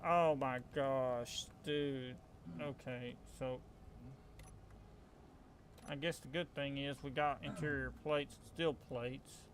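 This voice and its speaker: A young man from the American South, hosting his channel, talks slowly through a survival game in a medium-pitched voice with fairly even intonation, pausing often. He sounds frustrated, rambles, and corrects himself, and there's slight background noise.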